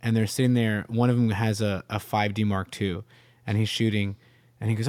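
A man who is a guest on a podcast, speaking in casual panel chat. He tells stories in a relaxed way and drops into other people's voices. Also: fairly low pitch, moderate pace, dry recording.

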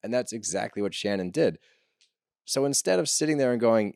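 A man's voice: on the low side, lively intonation, a little fast, vocal fry, a little mellow, dry recording, studio quality. A man co-hosting a podcast, giving opinionated and casual recaps of reality TV and swearing freely. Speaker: podcast co-host.

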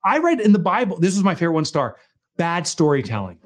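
A man's voice: high voice, fast. A middle-aged man, an author and guest, telling stories in casual conversation and joking as he mimics people. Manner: animated storyteller, jokey, mimics people.

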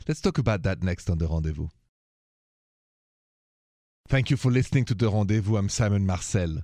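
A man's voice: lowish voice, brisk, dry recording, studio quality. French-accented man hosting advice radio. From France. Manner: relaxed, drops French phrases into his talk. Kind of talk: call-in radio advice talk.

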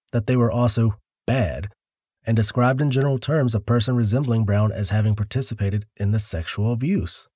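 Husky mellow man narrating a case. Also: on the low side, no echo, clean studio sound. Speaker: podcast co-host. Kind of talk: casual true-crime podcast narration.

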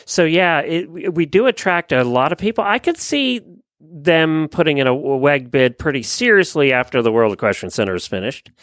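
Lively podcast host, dry sound. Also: mid-range voice, no echo. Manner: lively, quick interjections and laughs. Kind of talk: casual interview.

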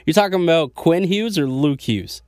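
Male podcast host, eager and friendly, dry close sound, mid pitch. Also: expressive, moderate pace, a little mellow, no room sound. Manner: eager, laughs along, chummy. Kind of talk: casual chat.

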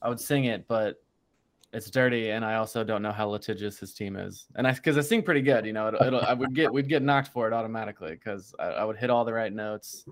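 A man hosting a casual sports podcast, playful and jokey and quick to laugh. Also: lowish voice. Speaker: podcast host.

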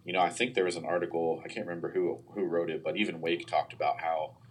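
A man's voice: deep voice, steady tone, fast, slightly rough. A man giving football analysis on a podcast, talking casually with lots of hesitations. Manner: hesitant, many fillers and restarts. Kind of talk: casual sports podcast chat.

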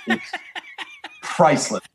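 A man's voice: slow pace, reverberant, a little hiss or hum. A man guest in a casual chat, teasing and wisecracking. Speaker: guest, comic sidekick.

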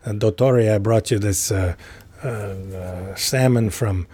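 A man's voice: lowish voice, takes it slowly, warm tone, slightly rough, no echo. A man voicing an elegant, indulgent older count who boasts as he offers his guests food. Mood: boastful.

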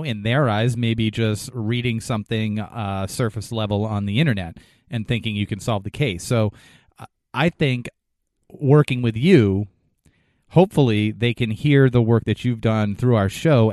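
A man's voice: on the low side, normal speed, a little mellow, dry recording, studio quality. A man co-hosting a podcast, asking earnest, rambling questions in casual chat. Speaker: podcast co-host.

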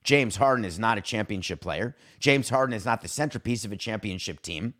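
A man's voice: a little fast, a bit bright. A man hosting a sports podcast, giving an opinionated monologue in an emphatic voice and acting out quoted exchanges as he goes. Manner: emphatic, acts out quoted exchanges with pitch swings. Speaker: podcast host.

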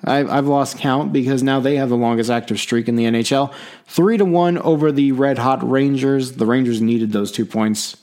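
Male podcast host, casual sports chat, quick, rambling, self-deprecating. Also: medium pitch, fairly even intonation, darkish tone.

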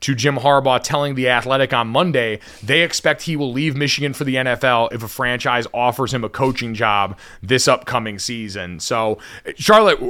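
A man hosting a sports podcast who also calls games, setting up topics in a measured, deliberate way with occasional fillers. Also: medium pitch, fairly bright tone. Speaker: podcast host and game commentator. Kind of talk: casual podcast chat.

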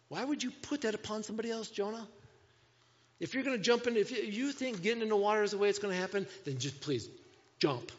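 A high-pitched male pastor preaches emphatically, firing rhetorical questions and swinging from a hush to sudden loud bursts. His voice rings with a long reverb through a church hall, and the recording sounds dull and lo-fi. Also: fast talker. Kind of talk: sermon.

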